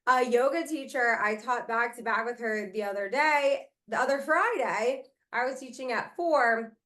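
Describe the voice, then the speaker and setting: A woman's voice: fairly high pitch, normal speed, sharp tone. A woman hosting a podcast interview who chats casually and gushes with praise for her guest. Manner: effusive, full of praise. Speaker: podcast host.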